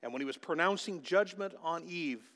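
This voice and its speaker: A man's voice: a little high, moderate pace, fairly bright tone. A man preaching a sermon as pastor, emphatic and calling out to the congregation. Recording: long hall reverb.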